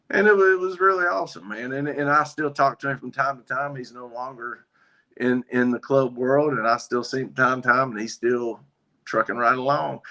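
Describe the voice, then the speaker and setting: A man with a bright, ringing tone tells a personal story in a relaxed, folksy manner. He often slips into quoted back-and-forth dialogue. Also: medium pitch. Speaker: guest, biker ministry member. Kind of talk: casual storytelling interview.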